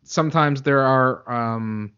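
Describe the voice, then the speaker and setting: Male co-host, wry and halting, average pitch, dull lo-fi sound. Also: bright, forceful tone, smooth. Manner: hesitant, many fillers, wry. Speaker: podcast co-host. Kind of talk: casual chat.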